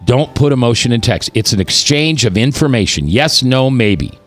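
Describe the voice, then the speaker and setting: Male talk radio host, 50s, animated and preachy, mid pitch, faint music bed. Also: normal speed. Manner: animated and preachy, acting out quotes.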